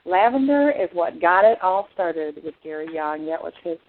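A woman's voice: on the low side, lively intonation, moderate pace. A woman giving an earnest personal testimony as an essential oils presenter, telling her story with frequent restarts. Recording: tinny phone-like sound.

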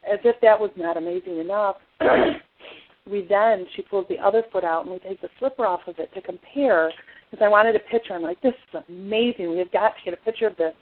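A woman giving an earnest personal testimony as an essential oils presenter, telling her story with frequent restarts. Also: mid-range voice. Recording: tinny phone-like sound.

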